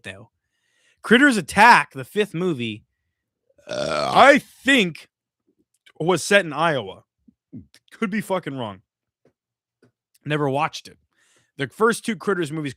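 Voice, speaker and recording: A man's voice: high-pitched, no echo, studio quality. A man hosting a casual live stream from home, swearing freely and a little drunk as he rants. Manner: profane, animated ranting. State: tipsy from drinking. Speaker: streamer host.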